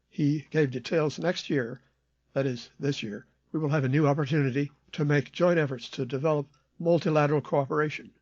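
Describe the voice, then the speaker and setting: A man's voice: medium pitch, darkish tone, no room sound, dull audio. A man hosting a radio program, reading news and frequency schedules in a dry, matter-of-fact way. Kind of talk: scripted shortwave news reading.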